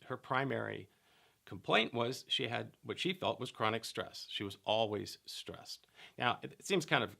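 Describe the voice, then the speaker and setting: A middle-aged man teaching in a calm, measured way, explaining a method with personal anecdotes. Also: lowish voice, gravelly.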